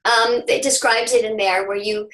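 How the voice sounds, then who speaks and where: A woman voice actress from Southern California, upbeat, explaining her craft and jumping into quick voice demos in a casual webinar. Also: fairly high pitch, steady tone, a bit bright. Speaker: voice actress and guest. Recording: roomy webinar audio.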